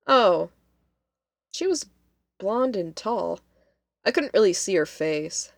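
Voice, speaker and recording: A woman's voice: mid-range voice, very animated, slow, vocal fry, no echo, exaggerated voice. A woman voicing a young female college student who is rattled and insistent. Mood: recounting. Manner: shaken, insistent.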